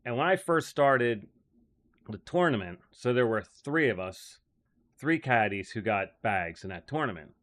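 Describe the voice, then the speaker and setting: A man's voice: medium pitch, animated, unhurried, fairly bright tone. Rambling man telling caddie stories. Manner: rambling, heavy use of "like", frequent laughs. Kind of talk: casual storytelling.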